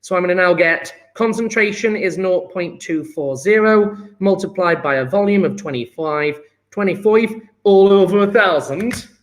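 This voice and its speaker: A man teaching chemistry, working through exam questions aloud, upbeat and thinking out loud as he calculates. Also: high-pitched, moderate pace.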